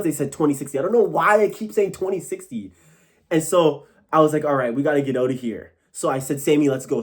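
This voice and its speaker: A young man casually telling a long personal story to camera, animated and rambling, full of "like" and "bro". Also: a little high. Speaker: vlogger.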